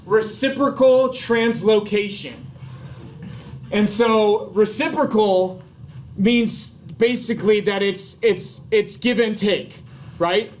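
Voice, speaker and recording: A man's voice: sits high, slight background noise. A man giving a classroom biology lecture in a chatty, casual way, with jokey asides and frequent checks of "right?".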